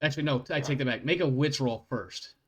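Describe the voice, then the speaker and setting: A man running a tabletop role-playing game, narrating events casually with quick self-corrections and laughs. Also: medium pitch. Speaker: game master.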